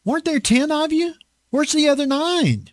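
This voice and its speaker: A preacher doing a wry, amused teacher. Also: male voice, very high-pitched, lively intonation, normal speed, no room sound, clean studio sound, pitched above the performer's own voice. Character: wry male teacher mildly questioning the crowd.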